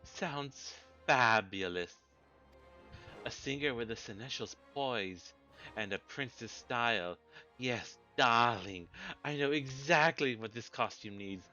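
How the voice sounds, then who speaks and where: A theatrical male fashion designer from a fantasy game, grand and drawling, as a man puts him on. The voice is bright and forceful. It is recorded lo-fi and dull, with game music playing softly underneath. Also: mid-range voice, slow, voice pushed up. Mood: flamboyant. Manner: grand, drawling, says darling.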